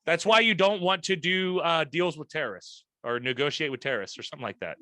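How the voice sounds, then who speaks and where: A man co-hosting a casual podcast chat, animated and blunt, swearing and laughing often. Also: on the high side, fast talker, no room sound. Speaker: podcast co-host.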